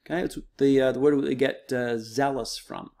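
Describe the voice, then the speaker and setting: A man's voice: medium pitch, fairly even intonation, normal speed, vocal fry, a little mellow. A man teaching a recorded online lesson, explaining step by step in a casual, patient way with frequent fillers.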